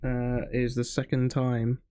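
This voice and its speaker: A man's voice: medium pitch, monotone, measured pace, warm tone. A young man co-hosting a casual podcast, offhand and bringing up new topics. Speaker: podcast co-host. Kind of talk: casual chat.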